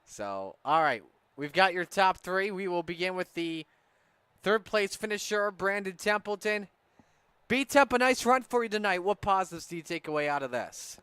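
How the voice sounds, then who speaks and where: A male race announcer calls the finishing order with energetic, rapid-fire delivery. His voice is bright and slightly high, with a crisp, clean tone recorded dry and close. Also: no room sound. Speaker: play-by-play racing announcer. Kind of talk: race commentary.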